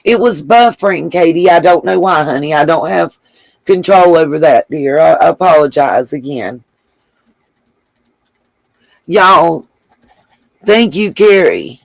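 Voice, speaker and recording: A woman's voice: sits low, lively intonation, a little slow, gravelly, pauses often, dry recording, poor audio. A woman hosting a casual livestream, reading viewer comments aloud and thanking them with gushing endearments. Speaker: livestream host.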